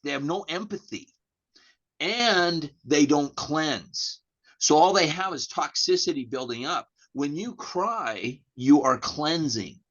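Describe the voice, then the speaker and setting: A man's voice: on the high side, animated, takes it slowly, fairly bright tone, muffled recording. A middle-aged man, a podcast guest, telling a story in a candid chat, often repeating words and acting out the dialogue.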